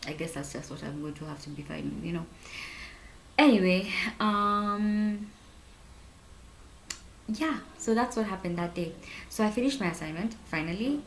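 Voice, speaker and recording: A woman's voice: on the low side, a little hiss or hum. Chatty Kenyan woman in her twenties. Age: 20s. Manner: chatty, animated, full of "like" and "honestly". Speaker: vlogger. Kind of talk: casual storytelling to camera. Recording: roomy echo.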